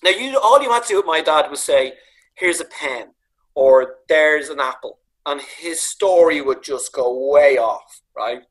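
Husky Dublin man telling stories. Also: on the high side, unhurried, rough recording. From Ireland. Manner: animated anecdotes, acts out voices, swears freely. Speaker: comedian guest. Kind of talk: casual storytelling on a video call. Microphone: video call. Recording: video call audio.

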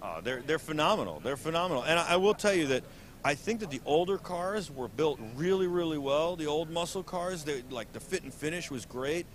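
A man's voice: on the high side, animated, a little fast. A man hosting an auto show interview, talking eagerly and animatedly and often repeating words. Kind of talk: enthusiastic interview. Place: busy convention hall booth.

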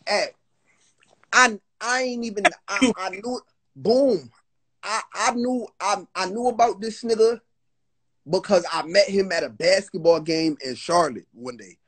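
Young guy ranting on a live phone call, high voice kinda husky, keeps restarting. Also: unhurried, fairly bright tone. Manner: agitated, restarts, profane, retells quotes. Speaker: guest on a livestream. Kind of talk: heated casual storytelling. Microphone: phone on a live video call.

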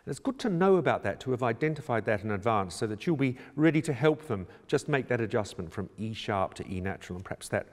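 A man working as a choir director, calmly explaining how to prepare a choral score in a measured, instructional way. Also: medium pitch. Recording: reverberant room with long echo.

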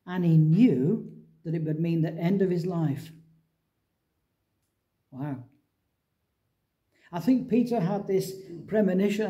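A middle-aged man from England preaching a sermon, telling a Bible story with lively acted-out dialogue. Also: sits high.

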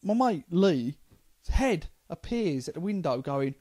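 Animated man telling crude stories. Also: a little high, measured pace, no room sound, studio quality. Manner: animated, crude storytelling with swearing. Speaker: comedian co-host. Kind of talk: casual comedy podcast chat.

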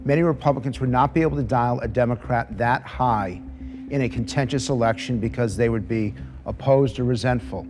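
A man's voice: mid-range voice, a little fast, noisy background. Blunt male panel moderator. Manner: blunt, probing questions. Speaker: focus group moderator.

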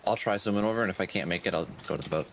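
Young male gamer, low voice, casual planner, noisy game audio. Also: racing, a bit bright. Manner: casual, planning aloud, frequent "like" and "okay". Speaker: gaming host. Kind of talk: casual gameplay chat.

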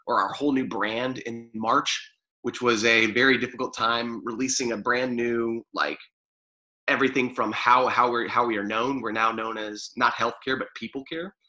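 A man's voice: medium pitch, sharp tone, rough recording. A man chatting casually in an interview, rambling with fillers and restarts. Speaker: guest, former pro sports media staffer.

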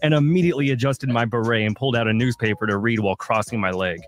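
A man's voice: mid-range voice, quick pace. A man co-hosting a radio show, reading a comic review in a dry, mock-pretentious storytelling manner from a studio.

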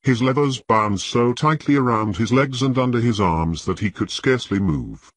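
A man reading an audiobook in measured, scripted narration with a husky voice. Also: medium pitch, animated, no room sound.

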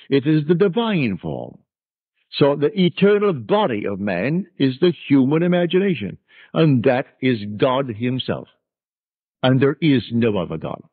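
A man delivers a spiritual lecture with an emphatic, preaching cadence, his pitch rising and falling widely from line to line. His voice has a husky edge. The old recording sounds dry and narrow, like a phone line. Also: very animated, normal speed, no echo.

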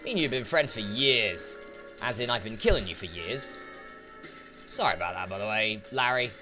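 With game music in the background, this YouTuber talks to the on-screen enemies during a casual let's play. His voice is lowish and animated, at a normal speed.

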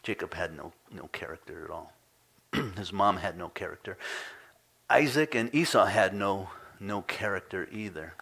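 A man preaching a sermon as pastor, swinging between animated storytelling and soft, hushed asides. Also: moderate pace, vocal fry, breathy edge. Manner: animated storytelling, voice climbing high and loud when retelling frustration; drops to a soft, near-whispered hush on solemn points.

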